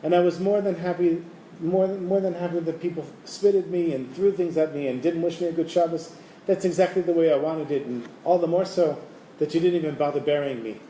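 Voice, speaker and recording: A man voicing a gruff male miser who is secretly a hidden saint, shouting threats at beggars. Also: a little high, brisk, echoey room, a little hiss or hum, pitched above the performer's own voice, natural voice, low-quality recording. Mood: gentle.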